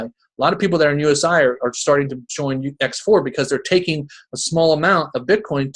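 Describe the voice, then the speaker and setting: A man's voice: a little high, a bit bright. A man from New Jersey with a Jersey accent, hosting a call in a folksy, rambling way full of restarts and asides. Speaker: host of a crypto marketing call. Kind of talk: casual rambling pitch.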